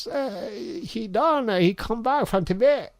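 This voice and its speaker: A man putting on the voice of a squeaky-voiced little man who nags. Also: lively intonation, slow, no room sound, studio quality, exaggerated voice. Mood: mocking.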